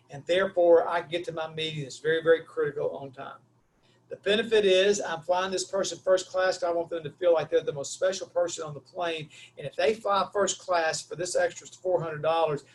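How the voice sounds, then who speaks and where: A man giving a webinar talk, telling stories animatedly and acting out the dialogue. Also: sits high. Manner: lively, acts out quoted dialogue, Southern "y'all". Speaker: webinar speaker.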